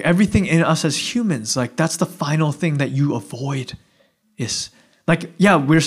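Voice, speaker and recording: A young man preaching with a fairly high, lively voice that jumps up when he acts out dialogue and drops low for serious points. He talks casually, full of fillers, shifting between playful and earnest. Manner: animated, conversational, acting out dialogue. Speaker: pastor. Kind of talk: sermon.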